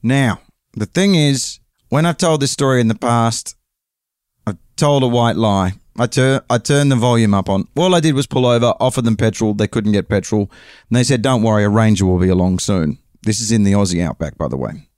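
A man's voice: medium pitch, animated, moderate pace, darkish tone, no room sound, studio quality. A man with an English accent telling a long, rambling story casually, with frequent swearing and self-corrections. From England.

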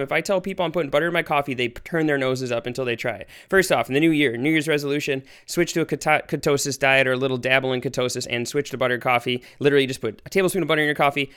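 An American man hosts his own science podcast, tumbling from one idea to the next with eager energy. His voice is clear and smooth and sits slightly high, and the words pour out fast. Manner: energetic, rambling, excitable. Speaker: podcast host. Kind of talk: enthusiastic casual science podcast.

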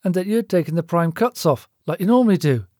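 A man's voice: high-pitched, animated, fast talker, dark tone, no echo, studio quality, voice pushed up. A man voicing a timid younger brother, shaky and meek.

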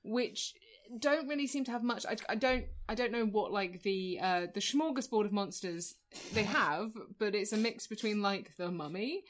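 A woman's voice: medium pitch, normal speed. Woman co-host, rambling comic chatter, ordinary mid-range voice. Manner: rambling, jokey, lots of fillers. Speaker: podcast co-host. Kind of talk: casual comedic chat.

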